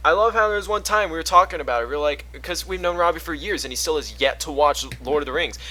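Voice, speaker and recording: A young man chatting casually as a co-host, telling animated stories and acting out what people said. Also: fairly high pitch, fast, poor audio. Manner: animated storyteller, acts out quotes. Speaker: podcast co-host. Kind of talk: casual chat.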